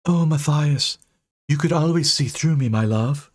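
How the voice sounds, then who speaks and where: A man's voice: on the high side, a little slow, pitched above the performer's own voice. A man voicing a lovesick female ghost who speaks in a doting, swooning way. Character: lovesick female ghost, booming, turns vengeful.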